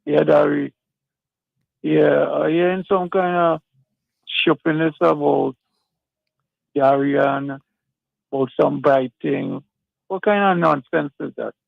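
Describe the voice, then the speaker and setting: A man's voice: on the high side, fairly even intonation, takes it slowly, vocal fry, pauses often, dry recording. A man calling in to a talk show, speaking emphatically and repeating himself, over a muffled phone line. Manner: emphatic, repetitive, insistent. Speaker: caller. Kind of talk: phone-in endorsement.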